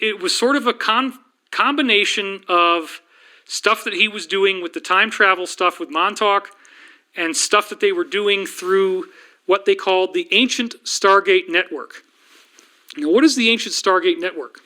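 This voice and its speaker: A middle-aged man hosting a livestream, lecturing rapidly and rambling with frequent restarts. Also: sits high, pushed and bright. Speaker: livestream host and researcher. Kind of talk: fast-paced lecture livestream.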